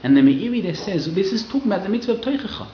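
A man giving a lively Torah class to a live audience, acting out quoted people in raised voices. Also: high voice, racing, a little hiss or hum. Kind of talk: lively sermon-style Torah lecture. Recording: roomy, slightly dull hall recording.

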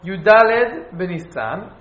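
A man teaching an informal class on Jewish law, halting and restarting as he explains. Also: high-pitched, big pitch swings. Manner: halting, restarts, Hebrew and Yiddish terms. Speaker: Torah teacher. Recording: echoey, dull room recording.

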